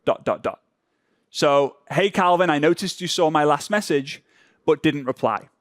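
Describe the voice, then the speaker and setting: A man's voice: a little high, normal speed, dry recording. A man teaching a workshop with a slightly raised voice. He is playful, acting out the little reactions people have while texting. The sound is dry and close. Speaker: workshop presenter.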